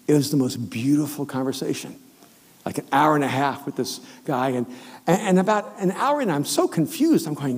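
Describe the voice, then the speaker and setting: A middle-aged man preaching a sermon as a pastor, telling a story with animated delivery and acting out the voices of the people in it. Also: on the high side, fairly quick. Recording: long reverb of a large hall.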